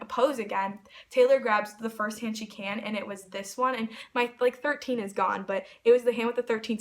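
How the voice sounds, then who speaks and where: A young woman telling a personal story to her camera in a casual, gushing way, full of "like"s. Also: on the high side. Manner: gushing, filler-heavy with many "like"s. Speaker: vlogger.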